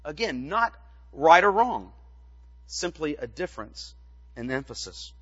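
A male pastor giving a measured teaching sermon, asking rhetorical questions as he explains. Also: on the high side, very animated, a bit bright, breathy edge, in a large hall, highs cut off.

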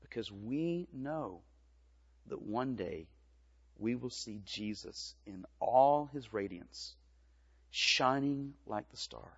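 A middle-aged man, a pastor, giving a gentle children's sermon in a church, telling a story in simple words. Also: medium pitch, lively intonation, takes it slowly, slightly rough. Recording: reverberant church, dull lo-fi sound.

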